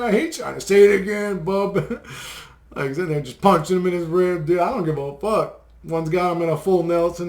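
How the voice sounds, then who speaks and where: A man's voice: on the high side, a little mellow. A man vlogging a rambling, profane conspiracy rant to his viewers, swearing constantly and chuckling between points.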